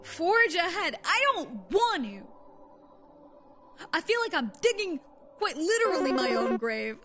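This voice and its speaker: A woman's voice: very high voice, very animated, a little slow, long pauses, music in the background. A woman streaming a game in casual, chatty commentary, easily startled into gasps and squeals.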